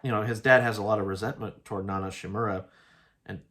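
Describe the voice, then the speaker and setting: A man's voice: lowish voice, steady tone, quick pace, fairly bright tone. A man casually analyzing an anime episode, rambling through his retelling and peppering it with "like". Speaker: anime reviewer.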